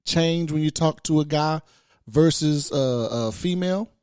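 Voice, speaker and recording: A man co-hosting a podcast in casual chat, animated, laughing often and repeating words as he starts a thought. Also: a little high, measured pace, clear, resonant tone, no room sound, studio quality. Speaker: podcast co-host.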